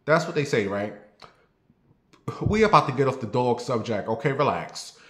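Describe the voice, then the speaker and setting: A man tells a rambling story straight to his viewers. He is blunt and swears freely, his voice sits at a middling pitch, and the room around him rings with echo. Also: animated, normal speed, a bit bright. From New York. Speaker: vlogger. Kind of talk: casual storytelling monologue. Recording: roomy echo.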